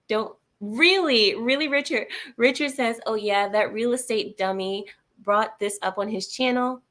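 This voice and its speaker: A woman's voice: fairly high pitch, a little slow, a bit bright. A woman hosting a livestream, reading viewer comments aloud and answering them in a sarcastic, laughing way. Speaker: livestream host reading chat.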